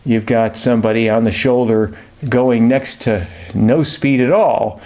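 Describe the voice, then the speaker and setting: A man teaches chemistry in a relaxed, conversational way, sprinkling in jokes and everyday examples. His voice sits at a middle pitch for a man. He talks loosely, with plenty of "uh" and "you know". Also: a little slow. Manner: jokey, conversational, many fillers. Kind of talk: casual lesson.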